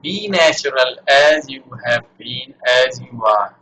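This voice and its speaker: A man's voice: medium pitch, expressive, slow, few pauses, pushed and bright, rough recording. A man with an Indian English accent teaching spoken English one-on-one, patiently repeating model sentences.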